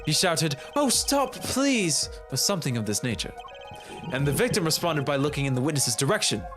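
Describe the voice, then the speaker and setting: A man's voice: a little high, very animated, moderate pace, music in the background. Man doing a pompous lecturing witness. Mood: smug. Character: pompous, long-winded male science student witness. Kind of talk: fan voice acting of a game.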